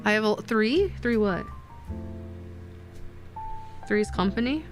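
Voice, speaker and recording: A young woman streaming while doing a craft, chatting casually with her viewers and getting excited easily. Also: medium pitch, slow, soft background music.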